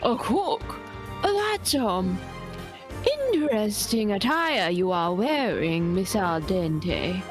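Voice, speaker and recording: A woman's voice: medium pitch, sing-song, slow pace, music in the background. A woman co-streaming a game with a friend, playful and laughing often.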